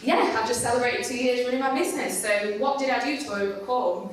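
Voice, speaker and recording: A woman's voice: a little high, fairly quick, a little hiss or hum. A woman giving a storytelling talk at a conference. She is candid and self-mocking and swears casually. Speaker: conference speaker. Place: conference stage in a large hall. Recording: echoey hall, mic at a distance.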